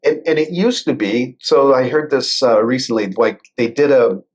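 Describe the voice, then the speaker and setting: A man speaks as a guest in a casual interview. He explains things in a measured, conversational way. His voice sits at a middle pitch. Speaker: guest, cybersecurity lawyer.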